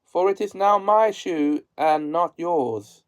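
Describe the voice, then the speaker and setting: Man putting on a shrill wicked old witch. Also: takes it slowly, poor audio. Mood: gloating. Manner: high, shrill put-on voice. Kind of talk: storybook reading.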